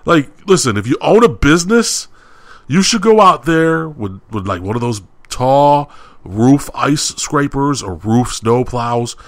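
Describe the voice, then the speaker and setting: Male podcast co-host, mid pitch, dry booth sound; casual storyteller who acts out heated back-and-forths. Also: measured pace, no echo. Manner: animated, acts out heated exchanges.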